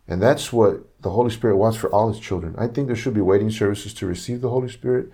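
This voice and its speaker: A man with a low, gravelly voice preaches a sermon. He tells the story earnestly and voices each person's lines himself. He often repeats a word while he searches for the next one. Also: fast talker, mellow. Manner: retells conversations, acting out each speaker's lines.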